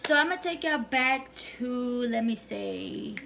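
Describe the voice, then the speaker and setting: A woman's voice: fairly high pitch, lively intonation, unhurried, vocal fry, pushed and bright, a little hiss or hum. A young woman telling a casual storytime on her vlog, chatty, slangy and swearing freely. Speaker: vlogger.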